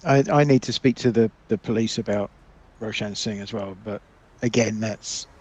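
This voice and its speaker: A man's voice: on the low side, normal speed, a little mellow, husky, no room sound. A man playing a tabletop game, jokey and trailing off mid-sentence. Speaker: player.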